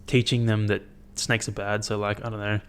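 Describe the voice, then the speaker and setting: A young man hosting his own podcast, chatting in a rambling, profane, animated way as he tells stories. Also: fairly low pitch, moderate pace, slight background noise. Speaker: podcast host. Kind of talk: casual solo podcast chat.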